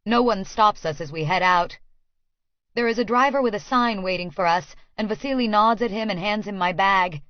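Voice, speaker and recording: A woman narrating a first-person audiobook with a clear, expressive reading. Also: mid-range voice, moderate pace, no room sound, highs cut off.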